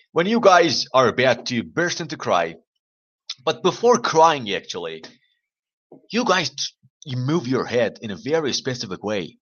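Guy rambling on a live stream, bright edgy voice, kinda dull lo-fi sound. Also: mid-range voice. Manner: chatty, rambling, teasing questions to viewers. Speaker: livestream host. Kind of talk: casual chat to live viewers.

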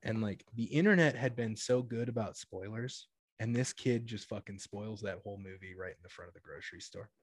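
His voice is husky and fairly quick as this young man in his twenties spins rambling, casual tales about working a cashier job. "Like" comes up constantly, he often backtracks to fix his wording, and he plays out the people he quotes with sudden high-pitched outbursts and laughter.

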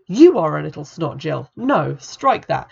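A book reviewer reading aloud as an indignant adult woman scolding her sister, with sharp, accusing delivery. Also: medium pitch, very animated, measured pace, gravelly, slightly rough, dull audio, exaggerated voice.

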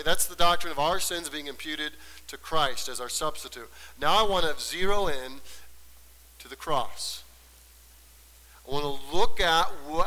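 Preacher man in a reverberant hall. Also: a little high. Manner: swings between soft, hushed passages and loud emphatic ones; slows down and stresses words when building to a point. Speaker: pastor. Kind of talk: sermon.

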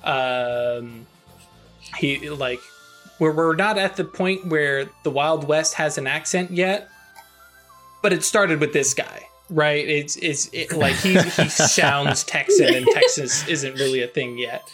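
A man running a tabletop game over a voice call, talking slowly with lots of fillers and restarts. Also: on the high side, lively intonation, fairly bright tone, faint music behind. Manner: slow, halting, many fillers and restarts. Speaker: game master.

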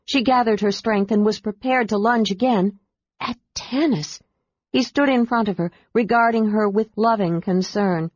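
A woman narrating a fantasy audiobook in a steady, measured reading style. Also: medium pitch, slightly rough, dry recording. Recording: dull, dry lo-fi audiobook recording.

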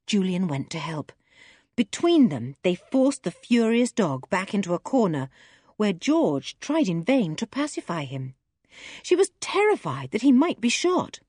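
Woman audiobook narrator, expressive, breathy, animated pitch, dry sound. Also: unhurried, dry recording. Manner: expressive, lively reading. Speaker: audiobook reader. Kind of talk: storybook narration.

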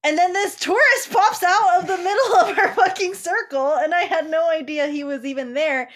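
A woman's voice: extremely high pitch, moderate pace, a bit bright. A woman playing along in an improvised story game, rambling casually with lots of filler words. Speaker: player.

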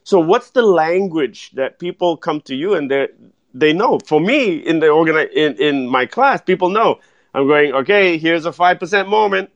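A man giving animated speaking advice as a guest in a podcast interview, full of "right?" tag questions. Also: on the high side, normal speed, dry recording. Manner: energetic, keeps asking "right?" and tacking on "though". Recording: dull lo-fi dry sound.

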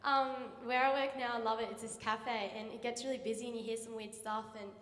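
A teenage Australian girl doing stand-up comedy, telling chatty stories with quick impressions on a big theatre stage. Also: a little high, steady tone, a bit bright, recorded from a distance. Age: teens. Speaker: student comedian. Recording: echoey theatre, long reverb, faint noise.

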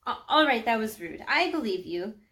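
A woman's voice: fairly high pitch, very animated, normal speed, a bit bright. A woman voicing a shy, hurt young schoolgirl in a storybook read-aloud, speaking earnestly a little above her own voice. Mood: doubtful, pleading.

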